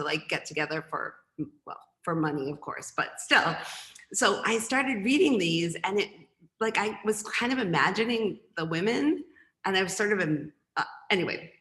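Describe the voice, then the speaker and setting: A woman's voice: lowish voice, a bit bright, reverberant. A woman poet reading her poems, with chatty, rambling asides between them. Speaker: poet and professor. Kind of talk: poetry reading with casual asides.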